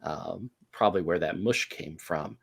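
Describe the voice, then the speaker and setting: A man with a very deep voice runs a tabletop horror game as its game master. He narrates in an unhurried, descriptive way, with plenty of ums and uhs. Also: vocal fry, breathy edge.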